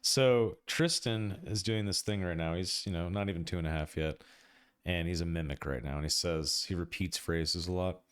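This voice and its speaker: A man's voice: deep voice, normal speed, smooth, dry recording, clean studio sound. A man hosting a tabletop game stream in casual chat, jokey and profane, laughing often. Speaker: game master and stream host.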